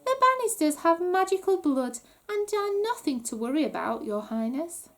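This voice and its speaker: A woman's voice: extremely high pitch, very animated, normal speed, voice pushed up, full character voice. A woman voicing a refined ghost lady with a soothing, gracious manner.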